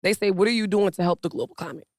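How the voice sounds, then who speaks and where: A comedy show co-host in a relaxed way, reading listener questions aloud. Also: mid-range voice, rapid-fire, no room sound, studio quality.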